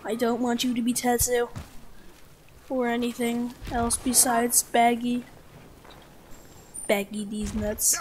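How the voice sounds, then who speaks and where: A young woman giving casual, jokey gameplay commentary; she talks to herself and bursts into loud outbursts. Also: a little high, fairly even intonation, unhurried, pauses often, slight background noise. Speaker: gaming streamer. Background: game music.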